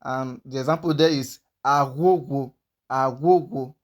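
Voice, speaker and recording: A man teaching a language lesson, working through a list of sounds and repeating each example slowly several times. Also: on the high side.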